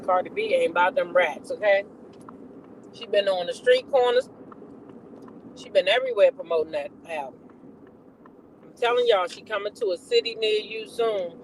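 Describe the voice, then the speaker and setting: A woman's voice: mid-range voice, normal speed, long pauses, a little hiss or hum, poor audio. A woman hosting a gossip channel, chatting casually, laughing and repeating punchlines.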